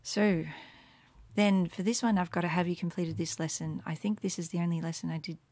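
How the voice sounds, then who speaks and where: Low-voiced woman casually walking through lessons. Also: steady tone, a little fast, no room sound. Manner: casual and rambling, with many fillers and soft murmured asides. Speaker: Latin teacher making resources. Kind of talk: screen walkthrough tutorial.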